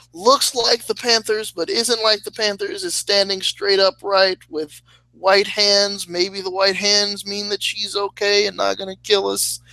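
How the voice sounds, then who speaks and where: A man running a tabletop game, narrating in a halting way with plenty of restarts as he thinks aloud. His voice is gravelly and bright, unhurried and slow. The sound is close and dry. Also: high voice, dry recording, low-quality recording. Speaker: game master.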